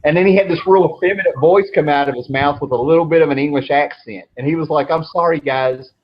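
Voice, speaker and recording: A man's voice: a little high, fast. A man in his thirties hosting a show, telling long, rambling stories in a laid-back way and swearing freely. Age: 30s. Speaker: show host. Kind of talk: casual storytelling chat. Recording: dull lo-fi with faint noise.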